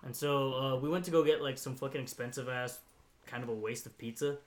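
In an even, medium-pitched voice that runs a little fast, this young podcast storyteller rambles through a lengthy tale. He curses freely, laughs often, and fills gaps with "like" and "you know."

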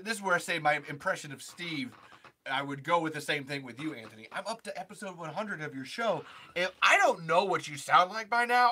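A man's voice: on the high side, pushed and bright, breathy edge. A young man chatting casually on a podcast, rambling and self-deprecating with sardonic asides.

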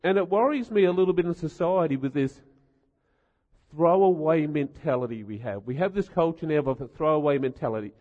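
Speaking briskly, a middle-aged preacher spins funny sermon stories with wry, animated energy and rhetorical asides. His voice sits somewhat high for a man, and the muffled audio trails off into long hall reverb.

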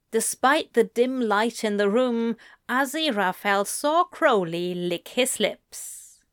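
A woman reading romance fan fiction aloud in slow, gentle narration. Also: medium pitch, clear, resonant tone, no room sound, clean studio sound. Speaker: audiobook reader.

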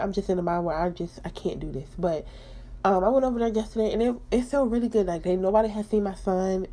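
A woman's voice: on the low side, warm tone. A young woman hosting her own podcast, talking candidly and emphatically about her faith and personal life. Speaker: podcast host.

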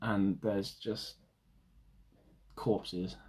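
A man, co-hosting a podcast with dry, deadpan quips in casual chat. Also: on the low side, drawn-out words, breathy edge. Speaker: podcast co-host.

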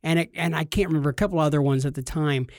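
A man's voice: on the high side, very fast, no room sound, clean studio sound. A man co-hosting a casual podcast, telling stories with a joking manner and slipping into put-on voices. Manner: joking storyteller, puts on voices. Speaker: podcast co-host.

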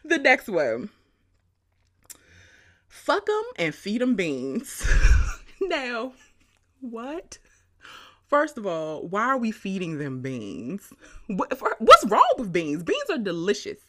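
A woman hosting her own podcast, telling stories in an animated, chatty way with frequent laughter. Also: mid-range voice, takes it slowly. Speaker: podcast host. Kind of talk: casual podcast monologue.

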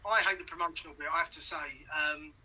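A man's voice: a little high, fairly even intonation, fast talker, bright, forceful tone, rough recording. A middle-aged man from London with a Cockney accent, a comedian chatting as a guest and laughing at his own stories. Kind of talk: casual chat.

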